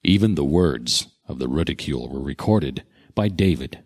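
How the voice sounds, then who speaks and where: A man narrating a scripted Bible teaching with dramatic, expressive storytelling. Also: very deep voice, normal speed, slightly rough.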